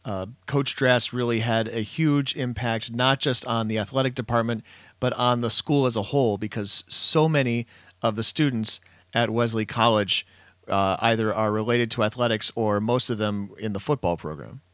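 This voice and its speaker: A man hosting a podcast, introducing guests and asking questions in a measured, formal way. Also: mid-range voice, fairly bright tone, no room sound. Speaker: podcast host. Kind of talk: podcast interview.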